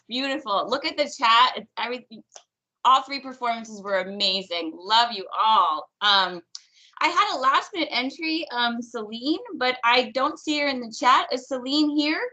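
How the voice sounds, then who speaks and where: Bright, gushing young woman host. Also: high voice, moderate pace. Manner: effusive, gushing, laughing. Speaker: event host. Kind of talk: hosting an online event. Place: video call.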